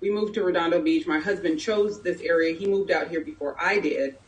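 This middle-aged woman from San Jose, California, has a fairly low voice, talks fairly quickly and sits far from the mic. At a community town hall meeting she candidly tells a personal story, conversational and full of fillers.

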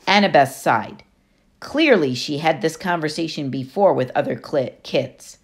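A woman with a low-set voice narrates a first-person audiobook. Her delivery is wry and story-driven, with plenty of melodic movement in her pitch. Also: lively intonation, unhurried.

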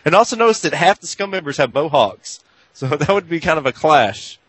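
A man's voice: on the high side, expressive, fairly quick, a bit bright, breathy edge, no echo, rough recording. A man from New Jersey co-hosting a wrestling radio show, brash and loose in casual banter. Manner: brash, trash-talking, loose. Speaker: co-host.

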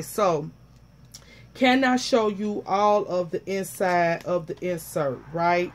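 Woman, vlogger, unboxing chat, gushing, lower pitch. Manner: gushing, repeats "I love it"; excited, a bit flustered.

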